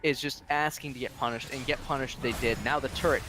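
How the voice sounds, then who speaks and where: A man's voice: medium pitch, steady tone, brisk, music in the background. A man giving color commentary on an esports match, explaining the play and tagging points with "right?". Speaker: esports analyst.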